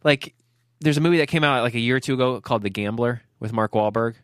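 A man's voice: mid-range voice, fast, a bit bright, clear, resonant tone, dry recording, studio quality. A man co-hosting a podcast, telling stories in a loose, rambling way. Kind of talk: casual podcast chat.

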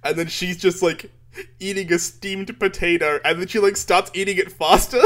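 A man chatting casually, retelling a story in an animated way with frequent laughter and swearing. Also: sits high, normal speed. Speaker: podcast co-host. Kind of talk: casual chat retelling a manga chapter.

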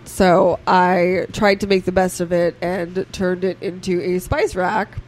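A woman's voice: lowish voice, flat delivery, unhurried, a little hiss or hum. A woman co-hosting a podcast, chatting in a playful, casual way. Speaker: podcast co-host. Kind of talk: casual chat.

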